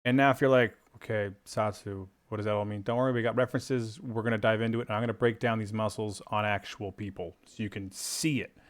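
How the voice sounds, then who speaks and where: A man's voice: on the low side, little pitch movement, quick pace, hardly any pauses. A man teaching a drawing tutorial in a playful, chummy, jokey way. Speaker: art instructor.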